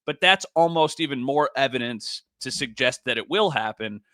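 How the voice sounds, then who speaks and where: Young man chatting sports, bright tone. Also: medium pitch, expressive, normal speed, no echo, clean studio sound. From Western New York. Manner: conversational, frequent "like" fillers. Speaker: podcast co-host. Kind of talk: casual sports talk.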